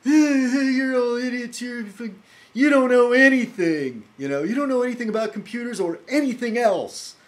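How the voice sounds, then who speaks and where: A man mimicking a hostile internet commenter who shouts insults in an exaggerated way. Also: extremely high pitch, moderate pace, pitched above the performer's own voice. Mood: ranting mockery.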